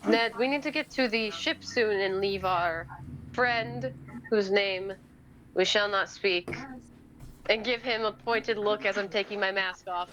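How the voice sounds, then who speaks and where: A woman plays a tabletop game, slipping between speaking in character and casual table talk. Her voice sits at an ordinary middle pitch. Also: measured pace, fairly bright tone, rough recording. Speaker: player.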